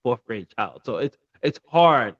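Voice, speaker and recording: A man's voice: mid-range voice, animated, unhurried, a bit bright, dry recording. A man hosts his own review in a casual, heartfelt way, often tripping and repeating words. He sounds a little choked up. The recording is dry, close and slightly lo-fi. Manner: earnest, stumbling, repeating words. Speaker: anime reviewer and channel host.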